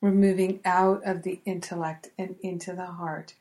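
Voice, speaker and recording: A woman leading a guided spoken prayer in soft, affirming, repetitive phrases, with gentle laughter between them. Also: fairly low pitch, flat delivery, moderate pace. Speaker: prayer leader.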